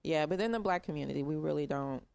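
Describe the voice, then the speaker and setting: A woman's voice: deep voice, fast, vocal fry, darkish tone, no room sound. A woman co-hosting a podcast in casual chat, frank and teasing, making her points with examples. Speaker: podcast co-host.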